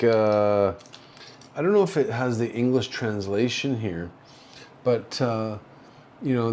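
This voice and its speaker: A man from Canada hosting a casual livestream from a hospital room, rambling slowly with many fillers, drowsy and slurring from painkillers. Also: medium pitch, darkish tone, a little hiss or hum. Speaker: livestream host. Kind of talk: casual livestream chat reading viewer comments.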